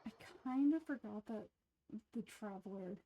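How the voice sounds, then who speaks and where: A woman's voice: mid-range voice, normal speed, highs cut off. A young woman chatting casually over gameplay in a self-deprecating, giggly way. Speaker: voice acting hobbyist.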